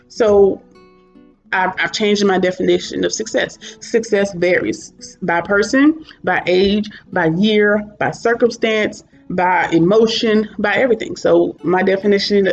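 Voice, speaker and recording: A woman in her twenties or thirties talking candidly to camera in a casual vlog, chatty and prone to asides. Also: medium pitch. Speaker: vlogger. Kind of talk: casual talking-head reflection. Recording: dull lo-fi sound with soft guitar music behind.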